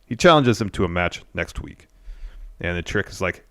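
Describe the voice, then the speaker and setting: A man's voice: low-pitched, lively intonation, moderate pace, a bit bright, dry recording, studio quality. A man co-hosting a casual podcast, steadily recapping events and reading out quotes. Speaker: co-host.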